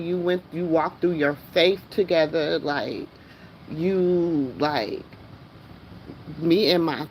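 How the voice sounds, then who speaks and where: A woman vlogger talking casually and emotionally to her viewers, excited and exclamatory, repeating herself often. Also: lowish voice, slight background noise, poor audio.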